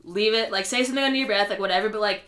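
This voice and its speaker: A woman's voice: mid-range voice, rapid-fire, fairly bright tone. Wry young woman laughing in an echoey room. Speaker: podcast co-host. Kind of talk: casual recap chat.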